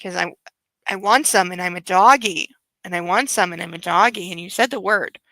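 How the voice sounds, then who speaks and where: A woman's voice: on the low side, moderate pace, sharp tone, no echo, pitched below the performer's own voice. A woman voicing an eager male puppy who begs for food with whiny, repetitive pleading.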